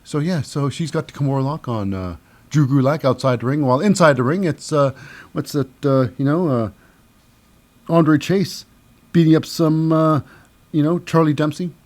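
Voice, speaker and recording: A man's voice: a little high, moderate pace, a little mellow. A man hosting a casual wrestling recap, rambling with lots of fillers and mixing up names. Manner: rambling, many fillers and name mix-ups. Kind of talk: casual solo show recap.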